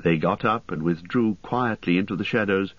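Male audiobook narrator, measured verse and prose, dry slightly muffled audio. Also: low-pitched, fairly bright tone, dry recording. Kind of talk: scripted narration and verse recitation.

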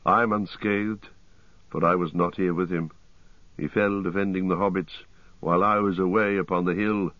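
A man voicing a weary, grim male ranger and leader, speaking gravely. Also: sits low, steady tone, moderate pace, no echo, dull audio, lightly acted.

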